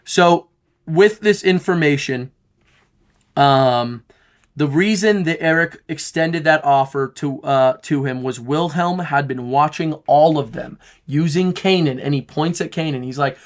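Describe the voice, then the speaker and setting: A man hosting a podcast, excitedly recapping a story in a rambling way with lots of "like". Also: a little high, unhurried. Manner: animated, rambling, heavy use of "like". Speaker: podcast host.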